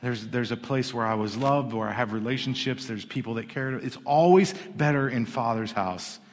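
A man preaches in a middle-pitched voice. He tells the story in a loose, chatty way, with asides and repeated starts. His words carry through a large hall with a long reverb. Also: normal speed. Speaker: pastor. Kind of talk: sermon.

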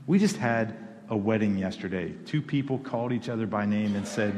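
A man's voice: lowish voice, normal speed, a little mellow, in a large hall. A man preaching a sermon to his congregation, talking conversationally and rising to emphatic peaks. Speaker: pastor. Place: church hall.

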